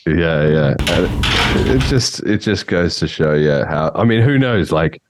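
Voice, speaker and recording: A man's voice: deep voice, expressive, a little slow, dry recording. A man hosting a podcast, chatting casually in a rambling way and laughing often. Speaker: podcast host.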